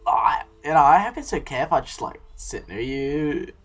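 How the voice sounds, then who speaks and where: A man's voice: fairly high pitch, lively intonation, moderate pace, a bit bright, soft background music. A man voicing a flustered young woman who stammers and gushes, in a casual read-aloud of a comic. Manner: stammering, giggling, gushing.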